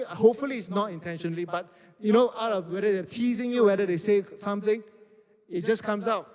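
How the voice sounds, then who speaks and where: A man who preaches to youth and acts out the quotes in his stories. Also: high-pitched. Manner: animated storytelling with acted-out quotes. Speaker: youth pastor. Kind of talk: sermon. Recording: reverberant hall.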